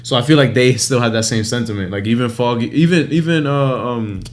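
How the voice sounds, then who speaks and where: A young man co-hosting a casual podcast, speaking in a relaxed way with lots of filler words. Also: mid-range voice, a little fast. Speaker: podcast co-host. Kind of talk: casual chat.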